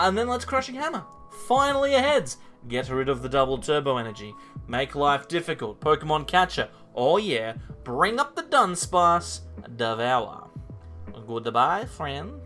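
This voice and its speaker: A man's voice: a little high, a bit bright. A man casually commentating his own card game match, thinking aloud and talking to himself with playful, wry asides.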